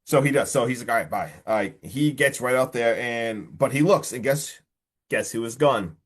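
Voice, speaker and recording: A man hosting a casual podcast film review, retelling the plot in an excitable, slangy way and acting out the characters. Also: medium pitch, moderate pace. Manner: animated retelling, acts out the characters. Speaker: podcast host.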